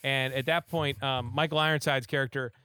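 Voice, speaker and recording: A man's voice: medium pitch, fairly even intonation, fairly quick, sharp tone, clear, resonant tone, no room sound. A man giving a casual, rambling movie recap, full of fillers and acted-out quotes.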